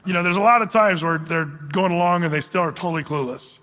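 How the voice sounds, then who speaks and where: Bright high-voiced male pastor preaching. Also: fast talker, long reverb tail. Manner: conversational, asks the congregation questions, reads scripture aloud. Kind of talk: verse-by-verse Bible teaching sermon.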